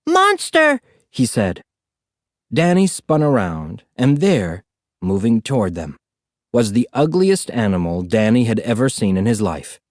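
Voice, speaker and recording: A man narrating a storybook in an expressive, animated reading. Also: on the low side, normal speed, no echo, clean studio sound. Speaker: audiobook narrator.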